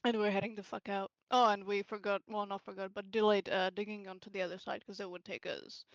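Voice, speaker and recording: A woman's voice: mid-range voice, little pitch movement, quick pace, no room sound, muffled recording. A woman player in a tabletop campaign, bantering casually, teasing others, laughing, and swearing freely.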